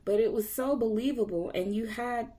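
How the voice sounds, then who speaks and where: A woman hosting a podcast interview, eager and quick to laugh and praise her guest. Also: fairly high pitch, mellow. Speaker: podcast host. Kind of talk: casual interview chat.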